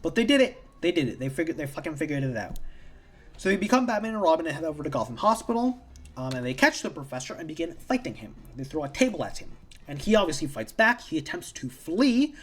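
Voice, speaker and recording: A comic book reviewer talking through a plot in a casual, meandering recap, swearing freely and circling back on the same phrases. The voice swings up and down a lot, with a lively, animated pitch. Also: quick pace, husky. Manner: rambling, profane, repeats themselves.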